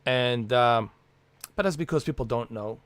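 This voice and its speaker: A man's voice: mid-range voice, moderate pace, clean tone, no room sound. A man hosting a casual livestream from home, rambling and swearing with lots of fillers. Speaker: livestream host.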